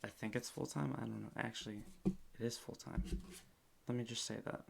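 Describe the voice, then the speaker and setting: A man's voice: medium pitch, steady tone, fairly quick, creaky, noisy background. A man chatting casually on a solo livestream from his room at home, rambling and correcting himself as he goes. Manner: rambling, self-correcting, jokey. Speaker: podcaster streaming live.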